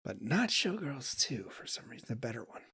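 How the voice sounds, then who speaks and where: A man co-hosting a podcast in casual, comedic chat, throwing in wry, deadpan one-liners. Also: mid-range voice, fairly quick, breathy edge, dry recording, clean studio sound.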